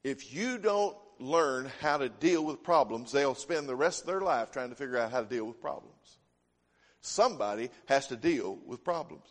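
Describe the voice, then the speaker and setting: A man's voice: mid-range voice, lively intonation, normal speed. A man preaching a sermon, telling homespun stories in a folksy way. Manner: folksy storytelling, homespun phrasing. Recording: long hall reverb.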